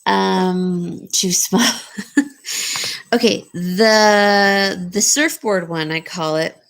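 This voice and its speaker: Slow, rambling woman selling jewelry. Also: medium pitch, vocal fry. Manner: rambling, with frequent ums and restarts. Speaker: jewelry seller. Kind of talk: casual jewelry showcase talk.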